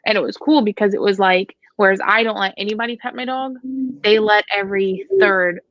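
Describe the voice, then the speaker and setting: A woman's voice: medium pitch, fairly even intonation, fairly quick, no echo. A woman dog trainer hosting a casual Q&A chat, talking in a frank, blunt, joking way. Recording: dry, dull lo-fi sound.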